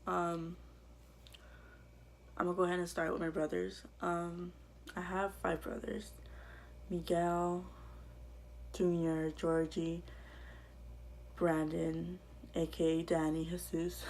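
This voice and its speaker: Woman vlogger, low gravelly voice, halting and hushed, faint hum behind. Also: flat delivery. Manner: halting and quiet, often dropping to a whisper. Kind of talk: personal life story told to camera.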